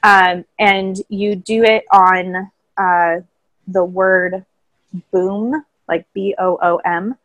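Calm woman explaining voice warm-ups. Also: mid-range voice, extremely slow, dry recording, low-quality recording. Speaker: voice coach guest. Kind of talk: casual interview chat. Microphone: own microphone, remote call.

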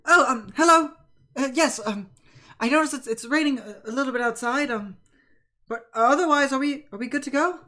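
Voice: high-pitched, moderate pace, bright, forceful tone, voice pushed up. A game master voicing a hesitant, fussy male ship's crewman who stammers through his lines. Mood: nervous. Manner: stammering, full of ums.

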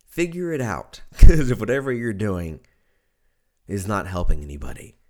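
A hoarse man hosting a podcast, talking in a casual, profane, joking rant and laughing at his own lines. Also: fairly low pitch, big pitch swings, normal speed, dark tone. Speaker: podcast host.

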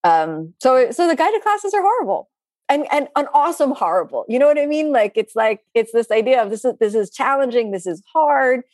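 A woman's voice: high voice, brisk, dry recording. Chatty woman yoga teacher, dry sound. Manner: chatty, animated, with playful asides. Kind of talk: live online class Q&A.

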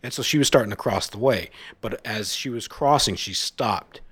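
A man's voice: fairly low pitch, moderate pace, breathy edge, dry recording. A man on a podcast telling crude stories in a casual chat, swearing freely and acting out the people he describes. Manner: profane, animated storyteller, mimics shouting people.

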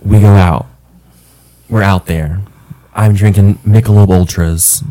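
A young man co-hosting a podcast, telling a story in animated, swearing casual chat and acting out what people said. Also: sits low, a little slow. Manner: animated storyteller, swears a lot, acts out quotes. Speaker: podcast co-host.

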